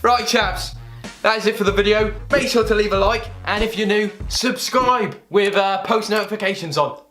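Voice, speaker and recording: A young man with a London accent who raps comic lines and then explains them in heavy street slang with a deadpan delivery. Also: sits high, moderate pace, faint music behind. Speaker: comedy video creator. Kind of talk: comedic rap with spoken explanations.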